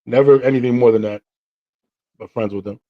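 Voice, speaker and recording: A man hosting a podcast, telling stories in a casual, slangy, animated way and acting out what people said. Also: medium pitch, fairly quick, narrow, tinny audio. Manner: animated, slangy, acts out quotes. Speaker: podcast host. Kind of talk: casual storytelling chat.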